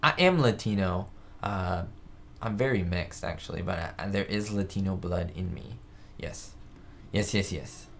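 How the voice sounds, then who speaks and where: A slightly low-voiced man from the United States chats casually on his live stream. He rambles from one thought to the next and reads viewer comments aloud as he goes. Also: measured pace, creaky, a little hiss or hum. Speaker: host of a live chat show. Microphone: webcam setup.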